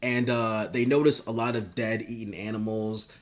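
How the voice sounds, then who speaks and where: A man pitching a story idea in casual, rambling talk, swearing and filling gaps with "uh" and "like". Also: level tone, normal speed. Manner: rambling and profane, with many fillers. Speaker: video creator.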